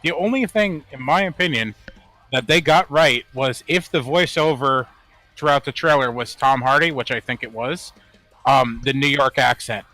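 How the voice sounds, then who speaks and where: Man, podcast co-host, casual chat, bright tense voice, dry close sound, animated. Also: moderate pace, dry recording. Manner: animated, swears, laughs often, rising pitch when worked up.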